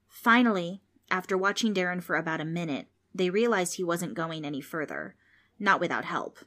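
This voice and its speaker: A woman reading a children's storybook aloud as narrator, steady and expressive. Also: lowish voice, normal speed.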